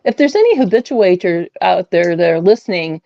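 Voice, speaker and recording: A woman guest telling her experiences in a casual, rambling way, full of fillers and animated retellings. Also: on the low side, a little fast, no room sound, dull audio. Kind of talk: casual storytelling on a call-in show.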